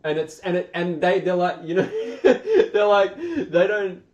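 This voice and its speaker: A man's voice: sits high, steady tone, unhurried, distant mic, muffled recording. Australian man, echoey and off-mic. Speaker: podcast co-host. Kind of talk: casual review chat. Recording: echoey room, away from mic.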